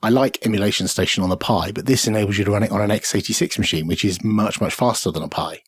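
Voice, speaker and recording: Male co-host, low husky voice, dry close sound, rambling delivery. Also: fast, no echo. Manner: rambling, with many fillers and restarts. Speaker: podcast co-host. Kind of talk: casual tech podcast chat.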